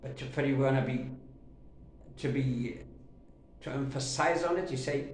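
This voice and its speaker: A man teaching a grammar lesson who talks haltingly with many fillers and repeats himself, drawing out his example sentences slowly. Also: medium pitch, slight background noise. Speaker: English teacher. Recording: very echoey room.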